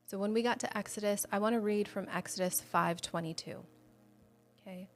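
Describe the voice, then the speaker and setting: A woman with a mid-range voice leads a livestreamed devotional teaching in an earnest, conversational way. She talks straight to her viewers and candidly shares her own faith struggles. Soft music plays faintly underneath. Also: medium pitch, fairly quick. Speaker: host of a Bible study show.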